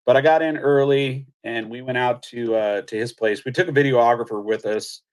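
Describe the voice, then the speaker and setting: A man's voice: mid-range voice, moderate pace. Middle-aged male guest, mid-range voice, casual storyteller who acts out quotes. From Missouri. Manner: animated anecdote-telling, acts out quotes, laughs. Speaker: guest, country singer.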